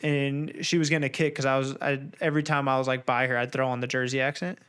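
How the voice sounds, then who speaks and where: A man's voice: medium pitch, flat delivery, fast, fairly bright tone, clean tone. A young man chatting casually on a podcast, rambling and playful. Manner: rambling, lots of fillers and restarts, playful. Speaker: podcast co-host. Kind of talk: casual chat.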